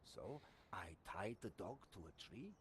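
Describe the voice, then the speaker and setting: A sheepish French police sergeant. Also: male voice, fairly low pitch, sing-song, measured pace, fairly bright tone, a little hiss or hum. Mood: rueful. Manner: theatrical, rueful storytelling. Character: French police sergeant, middle-aged man, sheepish and pompous. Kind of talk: video game voice acting.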